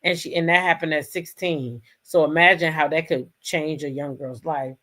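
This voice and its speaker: A woman hosting a casual livestream, reacting to clips and thanking viewers in an animated, exclamatory way. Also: deep voice, normal speed. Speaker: host.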